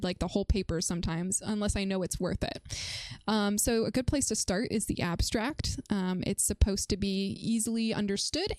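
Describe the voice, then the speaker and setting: A woman's voice: mid-range voice, a little mellow, no room sound, clean studio sound. A woman live-streaming as she reviews a research paper, chatting playfully with viewers and breaking her explanations with fillers and restarts.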